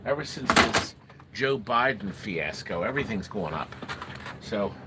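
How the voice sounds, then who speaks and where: With a lowish, animated voice and an unhurried delivery, a middle-aged man chats casually on a livestream where he sells arcade games. He wanders from topic to topic, greets viewers by name, and noisy room sound fills the background.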